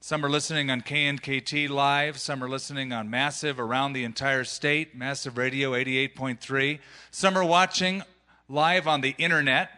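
Bright-voiced male pastor. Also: mid-range voice, fairly even intonation, normal speed. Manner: upbeat, joking. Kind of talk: live church service, interviewing guests.

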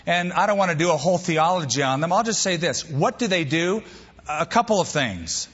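Emphatic preacher in a reverberant hall. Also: male voice, lively intonation, brisk, fairly bright tone, slightly rough. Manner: emphatic, varies pace and pitch for stress. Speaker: pastor. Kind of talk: sermon. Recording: long hall reverb, dull lo-fi sound.

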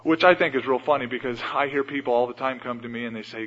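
A man preaching a sermon in a church, retelling Bible stories and often changing his loudness. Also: mid-range voice, brisk. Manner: storytelling, acts out Bible scenes with shifts in loudness. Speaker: pastor. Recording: dull radio broadcast with long hall reverb.

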